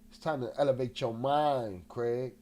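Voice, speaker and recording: A man's voice: mid-range voice, steady tone, moderate pace, warm tone. A man hosting a casual livestream, restless and agitated, swearing often and greeting chat members, with a slightly nasal voice. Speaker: livestream host.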